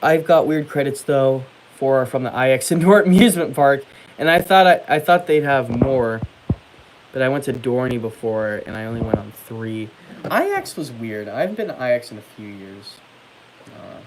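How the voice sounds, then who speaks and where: Young man, livestream host, chatty, reads comments aloud, medium pitch, faint background noise. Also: low-quality recording. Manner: chatty, reads comments aloud and answers them, many fillers. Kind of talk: casual livestream chat reading viewer comments.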